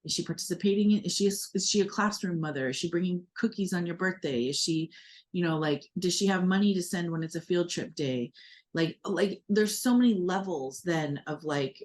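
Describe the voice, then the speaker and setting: A woman's voice: on the low side, fairly quick, a little mellow. A woman co-hosting a podcast, talking in a reflective, earnest way with many fillers and restarts. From United States. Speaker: podcast co-host. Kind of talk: casual conversation.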